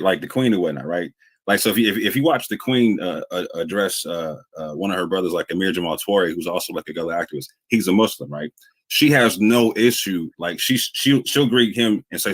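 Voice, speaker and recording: A man's voice: low-pitched, fairly bright tone. A man explaining his views in a casual conversation, rambling and earnest with many fillers.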